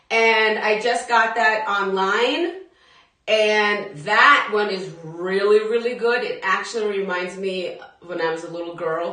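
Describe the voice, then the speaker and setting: A woman's voice: mid-range voice, bright, forceful tone, recorded from a distance. A young adult woman leading a live workout class, chatting to viewers in a casual, laughing way. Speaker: fitness instructor. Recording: very echoey room, voice from afar.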